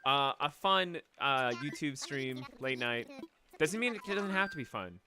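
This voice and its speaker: A man's voice: mid-range voice, expressive, unhurried. A young man on a late-night game stream, rambling emotionally about a lost pet, choked up at times. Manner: rambling, emotional, with restarts and swearing.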